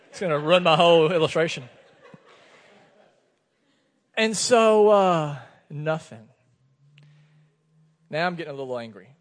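A man, preaching a sermon and telling a personal story, acting out the dialogue. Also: on the high side. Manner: animated storytelling, acts out dialogue. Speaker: pastor. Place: church sanctuary. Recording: long hall reverb.

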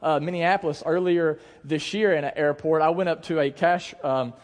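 A young man preaching a sermon to his congregation in a conversational, animated way, asking the crowd questions and telling stories. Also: a little high, normal speed. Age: young adult. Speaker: pastor. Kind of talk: sermon with storytelling. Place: church hall. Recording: long hall reverb.

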